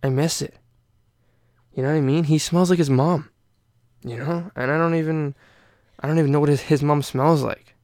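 Rambling young man with a gravelly voice. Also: a little high, fairly even intonation, moderate pace, long pauses, a little mellow, no echo, clean studio sound. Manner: rambling, profane, many fillers. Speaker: podcast host. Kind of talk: casual podcast chat.

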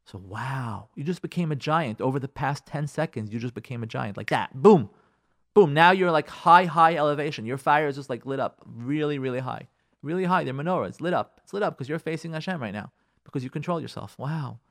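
Earnest rabbi, higher-pitched man. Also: fairly quick. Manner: earnest, lively, repeats phrases for emphasis. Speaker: rabbi giving marriage advice. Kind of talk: radio talk on marriage.

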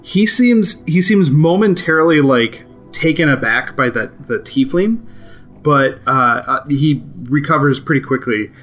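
A man running a tabletop game as game master, narrating in a relaxed, amused way with many fillers. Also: a little high, unhurried, faint music behind.

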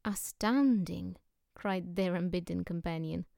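A woman narrating a novel as an audiobook, with steady, even storytelling. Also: medium pitch, moderate pace, clear, resonant tone, no echo, studio quality.

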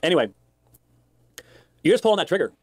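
A man speaks in a halting way, pausing often between phrases. His voice sits at an ordinary male pitch. The recording is dry. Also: big pitch swings, breathy edge, no echo. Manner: halting, with many pauses. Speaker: commentator in a played clip.

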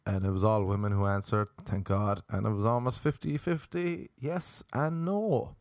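A man's voice: fairly low pitch, moderate pace, a little mellow, dry recording, studio quality. A hungover man with an Irish accent, hosting a podcast in a rambling, self-mocking comedic monologue. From Ireland. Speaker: podcast host. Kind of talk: rambling comedic monologue, reading a joke erotic poem.

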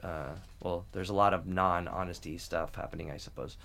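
A young adult man hosts a podcast, speaking in a rather low voice. His talk rambles loosely, with many fillers, restarts and casual swearing. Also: steady tone, a little fast, gravelly, a bit bright. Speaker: podcast host. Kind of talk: casual chat.

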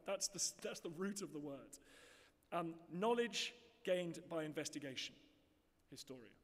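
A man with an English accent giving an earnest, emphatic speech directly to an audience in a large hall. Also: on the high side. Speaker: conference speaker. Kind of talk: public speech. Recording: long hall reverb.

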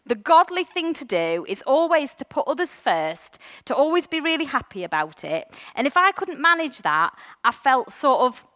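A woman's voice: high voice, normal speed, few pauses, in a large hall. A woman preaching a candid, personal sermon to her church, with frequent ums. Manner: candid, animated, warm-hearted with frequent ums. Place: church hall.

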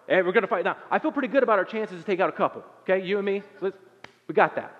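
A man delivers a sermon in a loose, conversational style, stumbling through restarts and fillers as he tells the story. His voice sits a bit high for a man. The sound is dull and lo-fi, with a long reverb tail from a big hall. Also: lively intonation, fast talker. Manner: casual, conversational preaching with frequent fillers and restarts. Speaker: pastor.

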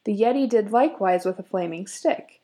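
A woman's voice: medium pitch, brisk, warm tone. A woman co-hosting a podcast, chatting casually and retelling a folk story, laughing often. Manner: giggly, with frequent fillers and laughs. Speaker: podcast co-host.

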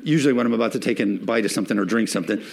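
A male pastor preaching a sermon with emphatic swells and slowed, stressed phrases, a father of young children. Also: fairly low pitch, gravelly.

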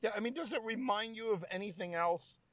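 A man's voice: sits high, a little fast, fairly bright tone, no echo. A man hosting a political chat who thinks aloud and reads out headlines as he goes. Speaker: host.

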